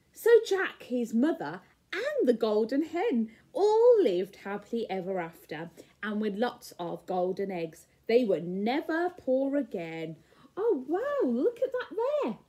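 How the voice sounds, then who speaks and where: A woman teacher reading a picture book to young children, animated and full of questions and gasps. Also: fairly high pitch, slightly rough. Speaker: primary school teacher.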